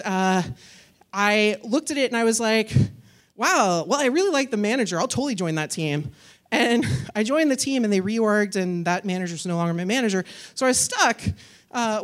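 Woman doing a conference talk, chatty and upbeat, says like a lot, average pitch. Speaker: conference speaker.

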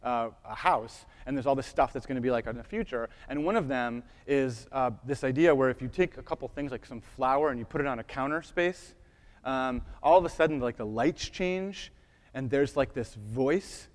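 A man's voice: medium pitch, moderate pace. A man giving a casual talk to an audience, with many fillers and frequent check-ins with his listeners. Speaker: lecturer. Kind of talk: conference talk. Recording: reverberant lecture hall.

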